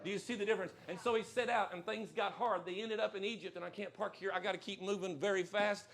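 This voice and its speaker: A man's voice: high voice, steady tone, fast, creaky, a bit bright. A man preaching a live sermon in a church, emphatic and folksy, repeating his key lines. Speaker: pastor. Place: church sanctuary, live service.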